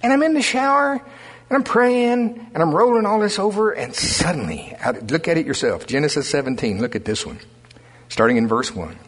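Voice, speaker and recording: Folksy older preacher in an echoing hall. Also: male voice, fairly high pitch, moderate pace. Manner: folksy, animated storytelling preacher. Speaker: pastor. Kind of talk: sermon. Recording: husky voice with long hall reverb.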